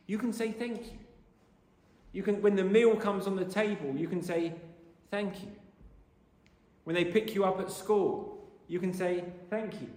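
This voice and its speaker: Emphatic preacher in an echoey hall. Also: male voice, fairly high pitch. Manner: earnest, emphatic, repeats key phrases. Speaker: pastor. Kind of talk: sermon. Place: church.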